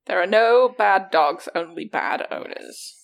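A woman's voice: medium pitch, expressive, measured pace, creaky. A woman in her thirties co-hosting a podcast, making sarcastic jokes and swearing in casual chat. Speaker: podcast co-host.

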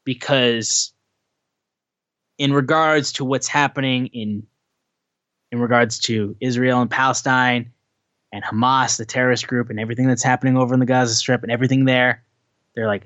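A man co-hosting a casual wrestling podcast, ranting with animated sarcasm. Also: mid-range voice, moderate pace, long pauses, no room sound, muffled recording. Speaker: podcast co-host.

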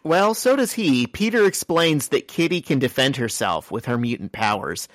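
A man co-hosts a podcast, walking through a comic's plot scene by scene in an easygoing, chatty way. His voice sits at an ordinary middle pitch. The sound is close and dry. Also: lively intonation, no echo. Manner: brisk storytelling, retells scenes step by step. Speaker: podcast co-host. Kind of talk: casual comic book recap.

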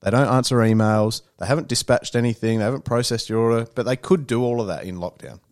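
A man's voice: medium pitch, quick pace, a little mellow. An Australian man in casual podcast chat, swearing freely and acting out the people he quotes. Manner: swears often, acts out quoted dialogue.

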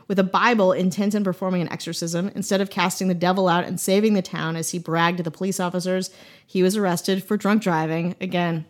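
A woman from Wisconsin hosting a podcast, telling a ghost story in a casual, playful way with joking asides. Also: on the low side. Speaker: podcast host.

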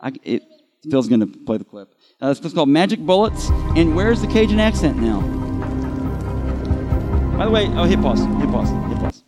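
A man hosting a movie podcast live at a convention panel, talking in an animated, sarcastic, jokey way. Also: on the high side, normal speed, long pauses, long reverb tail, over loud music. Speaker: podcast host.

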